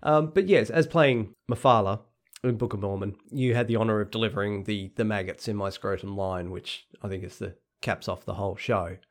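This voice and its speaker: A man co-hosting a podcast, asking questions in a hesitant, halting way with many fillers. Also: lowish voice. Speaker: podcast co-host. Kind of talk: casual podcast interview.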